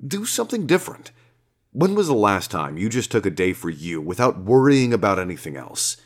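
Casting: man voicing a chill, cussing God, very deep voice, lively swinging delivery, audiobook. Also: fairly quick. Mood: coaxing. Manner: relaxed, coaxing, swears freely. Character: laid-back, foul-mouthed male God, casual bro. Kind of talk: audiobook character reading.

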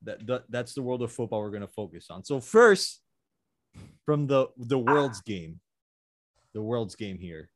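A man's voice: fairly low pitch, moderate pace, dry recording, studio quality. A man hosting a casual sports chat, laid-back and slangy, often restarting his sentences. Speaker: podcast host.

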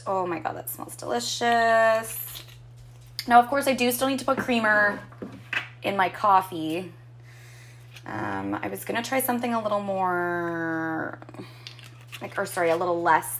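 A woman vlogging a casual coffee review from her home kitchen, chatty and upbeat, cursing freely as she talks. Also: medium pitch. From Canada. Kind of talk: casual chat.

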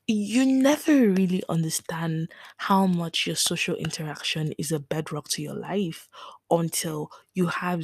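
A woman's voice: lowish voice, husky, dry recording. A woman in her twenties hosting a podcast, talking candidly and emotionally about a hard year, with frequent restarts. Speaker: podcast host. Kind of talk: reflective personal talk.

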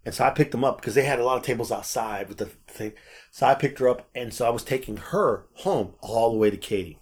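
A man telling stories in a casual chat, animated and swearing freely. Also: medium pitch, fast. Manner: animated storyteller, acts out quotes, swears freely. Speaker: podcast co-host.

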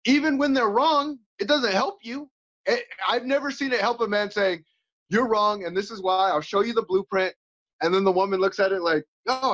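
A man who fights and coaches, talking candidly as an interview guest and acting out quoted voices with laughs. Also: sits high. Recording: slightly dull, lo-fi sound.

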